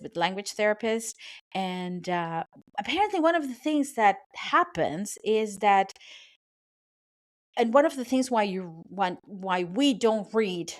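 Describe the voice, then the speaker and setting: Lively, chatty woman podcast host. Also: mid-range voice. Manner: animated, chatty, apologetic, trips over words. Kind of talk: solo podcast monologue. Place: small soundproofed home office studio. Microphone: studio microphone.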